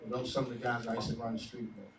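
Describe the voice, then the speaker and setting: A man's voice: medium pitch, flat delivery, rapid-fire. A man, a deacon giving a fervent testimony with a preaching cadence. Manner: fervent, builds to loud proclaiming. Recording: echoey hall, distant mic, faint room noise.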